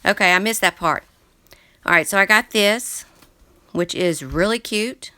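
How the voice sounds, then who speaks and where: A woman with a bright, forceful voice hosts a relaxed craft livestream. She rambles cheerfully, loses her train of thought, and greets viewers by name as she reads their chats. Her voice sounds close and dry, with little room sound. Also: medium pitch, unhurried, clean tone, no echo. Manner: chatty and scattered, reading viewer chats aloud. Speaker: crafting channel host. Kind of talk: casual livestream chat. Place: craft room full of books.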